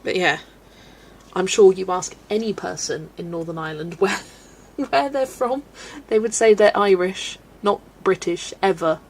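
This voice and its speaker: Speaking unhurriedly at a medium pitch, a UK livestream host chats and colours, rambling along, laughing often and reading out what viewers write.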